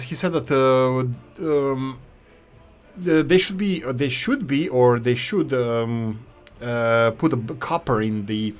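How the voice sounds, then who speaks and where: A man, hosting casual gameplay commentary in a rambling, opinionated way. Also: medium pitch. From former Yugoslavia. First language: Serbo-Croatian. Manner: rambling, opinionated, self-correcting. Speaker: gaming channel host.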